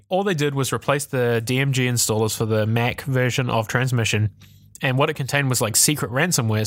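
Dude ranting about tech on a podcast, lively and sweary, mid-pitch, dead dry mic. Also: male voice, dry recording. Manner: animated, ranty, swears, laughs often. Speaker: podcast co-host. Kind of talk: casual tech chat.

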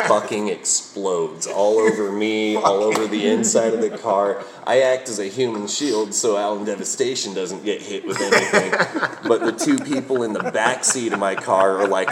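Young male comic, low voice, swearing and laughing through a casual story, light room noise. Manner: profane, laughing, acts out quotes. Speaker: comedian.

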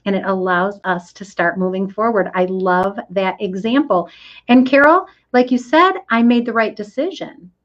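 Heard through dull audio, this mid-range female voice belongs to a middle-aged coach delivering a motivational talk. She leans hard on drawn-out stresses and performs the quoted complaints as if voicing them herself.

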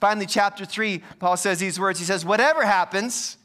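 Male pastor, clear smooth voice, self-deprecating storyteller in the pulpit. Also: high-pitched, fairly even intonation, brisk, sharp tone. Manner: storytelling, self-mocking humor. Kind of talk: sermon with personal story.

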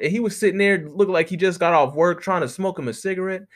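This comic monologue comes from an American man with a high voice who talks quickly and barely pauses. He rambles through stories and rants, swearing constantly in an animated, profane way.

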